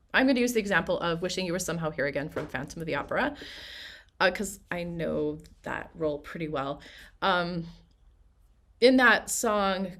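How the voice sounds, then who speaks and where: A woman with a slightly low voice leads a casual workshop for singers. She explains acting technique in a loose, conversational way, often pausing on fillers and correcting herself mid-sentence. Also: fairly bright tone.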